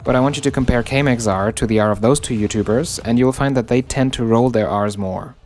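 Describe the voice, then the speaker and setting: A man narrating an educational video on a dialect, slowing down to spell out the example words. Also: mid-range voice, a little mellow, soft background music.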